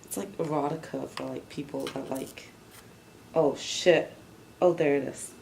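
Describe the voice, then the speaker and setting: A young woman with a low voice talks her way through a fix in a chatty home vlog. She swears freely and laughs at herself. The recording carries a clear background hiss. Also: fairly even intonation, unhurried. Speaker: vlogger. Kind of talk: casual vlog narration while working.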